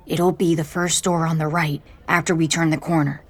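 A woman voicing a tense, hardened young gunman in an audiobook, speaking in a low loud whisper. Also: moderate pace, vocal fry.

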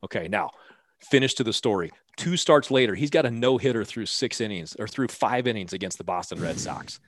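Fast-talking male mental performance coach. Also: fairly low pitch, no echo. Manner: lively anecdotes, quickly acting out both sides of dialogue. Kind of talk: storytelling interview answers.

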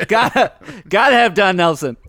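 Male co-host, raised pitch, eager casual chat, dry close sound. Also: lively intonation, normal speed, pushed and bright, no echo. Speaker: podcast co-host. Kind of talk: casual sports podcast chat.

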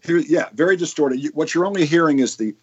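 A man's voice: on the high side, fast talker, slightly rough, lo-fi sound. A man explaining science in casual podcast chat, with frequent restarts and fillers.

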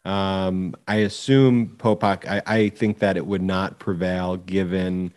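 Man, lowish voice, podcast co-host, hesitant storyteller. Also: level tone, slow, a little mellow. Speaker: podcast co-host, civil rights lawyer. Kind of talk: casual legal commentary.

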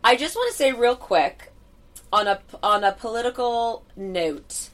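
A woman's voice: on the high side, expressive, a little slow, fairly bright tone. A woman co-hosting a podcast, telling stories in a brash, profane, casual way. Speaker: podcast co-host. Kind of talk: casual chat.

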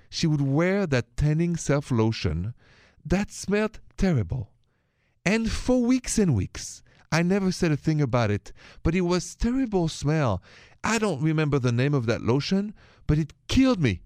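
A man's voice: medium pitch, dry recording. Guy doing a radio advice show, bouncy and playful, dry studio sound. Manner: animated, playful, mixes in French greetings. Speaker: radio relationship advice host.

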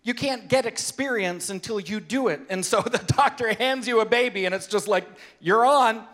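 Delivering his sermon briskly in a voice that sits high, this pastor shares personal anecdotes with lively energy and a habit of poking fun at himself.

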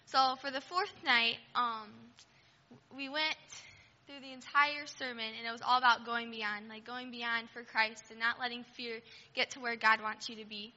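A woman's voice: on the high side, steady tone, moderate pace, sharp tone, in a large hall, highs cut off. A teenage girl sharing a heartfelt testimony in a church, using fillers like "um" and "like". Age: teens. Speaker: church youth member.

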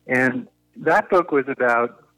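A man's voice: medium pitch, takes it slowly, a bit bright, no echo. A man being interviewed as a negotiation consultant, explaining ideas thoughtfully and often restarting his sentences. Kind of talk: conversational podcast interview. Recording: tinny phone-line audio.

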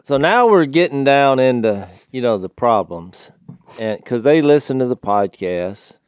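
Animated Southern man telling a story. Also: mid-range voice, measured pace, clear, resonant tone, dry recording, studio quality. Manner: animated, acts out other people's lines with a raised voice, laughs often. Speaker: podcast co-host. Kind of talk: casual storytelling chat.

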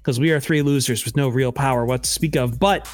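A man's voice: mid-range voice, fairly quick, soft background music. A man hosting a casual sports podcast in a sarcastic, joking way. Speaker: podcast host.

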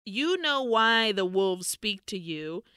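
A woman's voice: mid-range voice, sing-song, slow, pushed and bright, clean tone, no room sound, clean studio sound. A woman co-hosting a podcast, casually and animatedly retelling a film plot, acting out characters' lines and swearing freely. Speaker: podcast co-host. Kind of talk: casual chat recapping a film.

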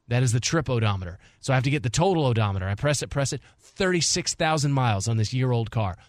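A man in his forties hosts a sports radio show and tells stories in a loose, easygoing way, acting out the people in them. His voice sits in a middle pitch and sounds close and dry from a studio mic. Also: no echo. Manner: animated storyteller, acting out quotes. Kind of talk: casual radio chat and storytelling.

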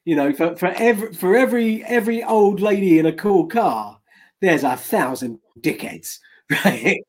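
A man's voice: high-pitched, lively intonation, normal speed. An English man co-hosting a casual chat, telling rambling anecdotes with frequent restarts and laughs.

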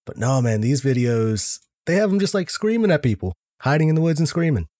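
A man with a warm, mellow voice chats easily on a podcast, laid-back and slangy. The recording is dry and close. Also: a little high, very animated, a little fast, no room sound. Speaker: podcast co-host. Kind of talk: casual podcast chat.

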